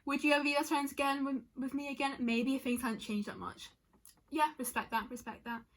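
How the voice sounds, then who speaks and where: A woman's voice: sits high, fairly even intonation, brisk, fairly bright tone. A young woman chatting casually in a vlog, reading out answers from friends and reacting as she goes, rambling with lots of "like" and stopping herself mid-sentence. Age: young adult. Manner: chatty and emotional, lots of likes and self-interruptions. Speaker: vlogger.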